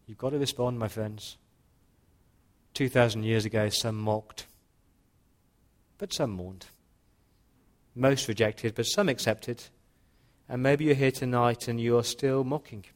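A man preaching a sermon in a church, earnest, slowing into quiet dramatic pauses. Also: medium pitch, fairly even intonation. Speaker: pastor.

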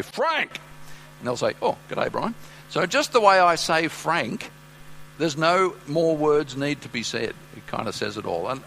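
A man's voice: medium pitch, vocal fry, pushed and bright, slight background noise, low-quality recording. A man preaching a sermon, earnest and full of fillers and restarts. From Australia.

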